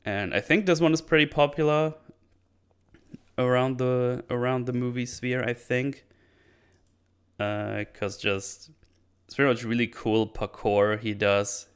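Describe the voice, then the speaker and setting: Man, casual film recap, lowish pitch, smooth clear tone, rambling, profane. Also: steady tone. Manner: rambling, swears freely, puts on quick voices for characters. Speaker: film reviewer.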